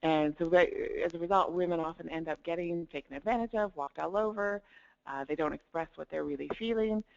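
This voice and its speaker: A woman's voice: lowish voice, brisk, gravelly. A woman coach giving a webinar talk, upbeat, laughing lightly between points and demonstrating tones of voice. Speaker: life coach presenting a webinar. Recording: dull lo-fi webinar audio.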